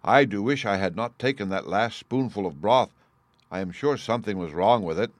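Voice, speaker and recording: A man's voice: fairly low pitch, normal speed, no echo, lightly acted. A man doing a fretful giant's wife. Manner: fretful, complaining. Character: complaining female giant's wife.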